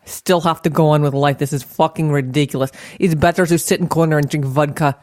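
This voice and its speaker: A woman's voice: sits low, steady tone, fairly quick, darkish tone, no echo, natural voice. A fed-up, cynical Russian figure, put on by a woman, speaks in a thick put-on Russian accent with clipped, broken grammar. The delivery is blunt and profane, recorded dry and close. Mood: grumbling.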